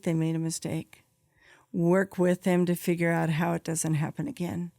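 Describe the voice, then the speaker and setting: A woman's voice: lowish voice, darkish tone, no echo, clean studio sound. A woman podcast host and psychologist giving direct, practical advice, stressing her key points and checking in with "okay?". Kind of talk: advice monologue.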